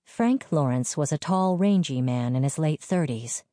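A woman reading a novel aloud in an even, measured storytelling manner. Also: low-pitched, no echo, clean studio sound. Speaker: audiobook narrator. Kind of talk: scripted narration.

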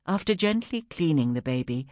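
An audiobook narrator reading a story in a steady, even storytelling manner. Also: medium pitch, moderate pace, background noise.

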